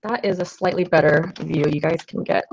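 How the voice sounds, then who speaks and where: A woman's voice: low voice, fairly even intonation, a little fast, gravelly, background noise. A young woman artist chatting casually with viewers on a livestream as she paints, scattered and self-deprecating, with lots of fillers. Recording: slightly dull lo-fi livestream audio.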